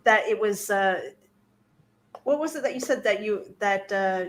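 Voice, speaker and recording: A woman hosting a casual chat, searching for words with many pauses and laughing easily. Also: mid-range voice. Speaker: host.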